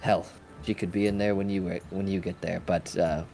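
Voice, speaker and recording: A man's voice: sits low, flat delivery, normal speed, gravelly, mellow, faint music behind. A man voicing a friendly, candid woman blacksmith who runs a shop and hesitates with lots of uhs and ums. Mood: helpful.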